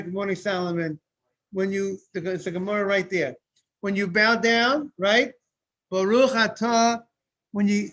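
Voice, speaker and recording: A man's voice: high-pitched, bright, forceful tone. A man who is a rabbi, teaching a Talmud study lesson. He explains step by step, often repeats and restarts his phrases, and breaks off to greet people as they join.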